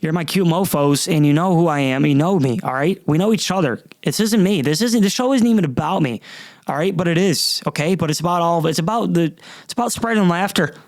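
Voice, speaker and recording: A man's voice: on the high side, fairly quick, no echo. A young man hosting a solo comedy podcast, rambling and swearing with stammering restarts. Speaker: podcast host.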